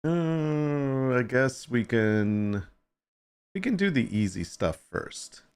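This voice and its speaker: Joking, animated livestream host, male. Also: lowish voice, slow pace. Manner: joking, teasing viewers; chatty, greets chat by name. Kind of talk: casual livestream chat.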